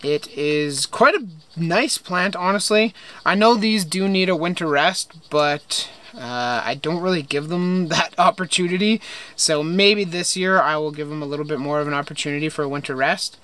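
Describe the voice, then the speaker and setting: A man's voice: a little high, moderate pace, sharp tone. A young man casually touring his home greenhouse, chatting with enthusiasm and frequent fillers. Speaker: greenhouse vlogger. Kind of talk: casual plant tour.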